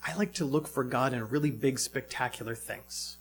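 A man's voice: mid-range voice, normal speed, faint music behind. A man preaching a sermon in a reflective way, asking many rhetorical questions.

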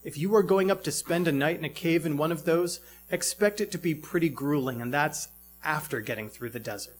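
A man's voice: a little high, brisk, faint music behind. A man preaching a sermon in a reflective way, asking many rhetorical questions.

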